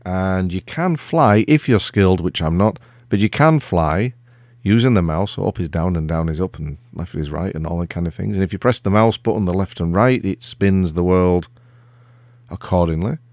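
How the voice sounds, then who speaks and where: A middle-aged man hosting a casual software walkthrough, relaxed and self-deprecating, rambling with lots of fillers. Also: sits low, normal speed, no room sound. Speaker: tech video host.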